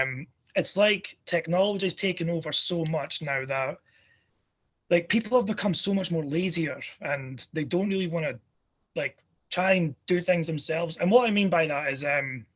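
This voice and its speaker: A man's voice: fairly high pitch, fairly bright tone, husky. A man who teaches history, a podcast guest, talking casually and hesitantly with many fillers. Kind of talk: casual interview conversation.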